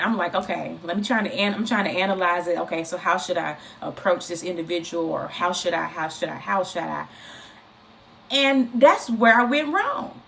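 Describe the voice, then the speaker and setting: A woman giving an informal, encouraging faith talk, speaking in an animated, repetitive, conversational way. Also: medium pitch, slight background noise. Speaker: inspirational speaker.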